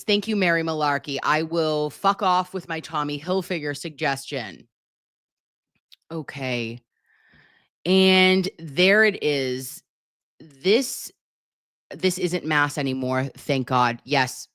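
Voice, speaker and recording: A woman hosting a casual live stream, reading chat comments aloud in an animated, chatty way and swearing freely. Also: low voice, dry recording, studio quality.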